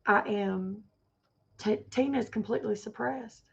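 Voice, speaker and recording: A woman's voice: medium pitch, measured pace, gravelly, husky, muffled recording. A woman talking earnestly on her own livestream, rambling and repeating herself as she explains things to her viewers. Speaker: livestream vlogger. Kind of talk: emotional personal livestream talk.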